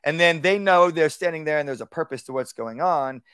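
A man teaching a live workshop on dog training, talking casually and acting out calm, low commands to a dog. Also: a little fast, smooth, no echo. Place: outdoor workshop.

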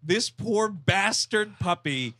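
Bright-voiced profane podcast storyteller man. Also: high voice, animated, takes it slowly, no room sound, studio quality. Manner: profane, rambling storyteller who acts out quotes. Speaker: podcast co-host. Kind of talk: crude comedic movie recap.

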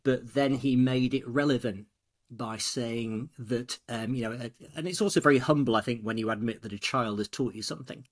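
A man's voice: mid-range voice, moderate pace. A man, a storytelling coach on a podcast, talking casually and acting out quoted dialogue as he tells stories. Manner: animated, acts out quoted dialogue.

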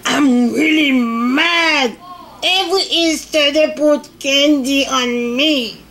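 Woman playing a female Easter egg, slow drawl, broken English, a bit high, toy play. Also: a bit bright, exaggerated voice. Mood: grumpy. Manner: slow, broken non-native English grammar. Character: fed-up female Easter egg named Pula.

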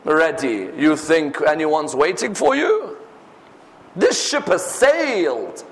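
Man preaching to a crowd in a big hall, tells it like a story, voice jumps all over, fairly high. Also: slow pace. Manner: animated, acts out every character. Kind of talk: sermon storytelling. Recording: echoey hall reverb.

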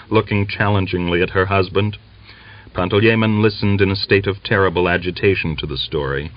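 A man's voice: sits low, no room sound. Male audiobook narrator, dull lo-fi recording.

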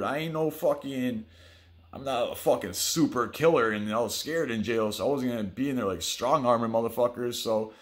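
A man telling his own stories on his vlog in a blunt, rambling monologue full of swearing. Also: medium pitch. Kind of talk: profane storytelling monologue.

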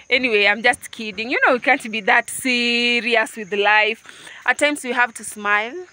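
Kenyan woman, casual vlog, chatty and playful, raised pitch, outdoors. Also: normal speed, pushed and bright, dry recording. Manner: chatty and playful, addresses viewers directly. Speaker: vlogger. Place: outdoors at a home building site.

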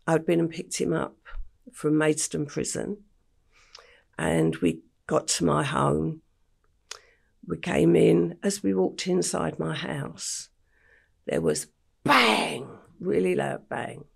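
An older woman from England, telling her life story in an interview at a slow, matter-of-fact pace. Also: low voice, lively intonation, darkish tone. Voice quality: gravelly, husky voice. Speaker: podcast guest.

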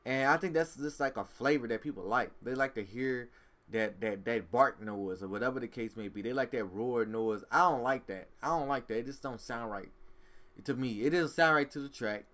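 A man's voice: mid-range voice, moderate pace. A man hosting a music reaction video, giving blunt, emphatic opinions in casual street slang. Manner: animated, emphatic street slang, says "bro" often.

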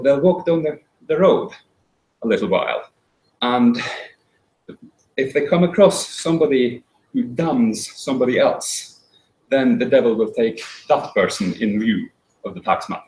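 A man's voice: medium pitch, a little mellow. Wry man telling a tale, echoey room. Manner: wry, dry humor, halting restarts. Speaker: speaker. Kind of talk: storytelling talk. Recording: roomy echo.

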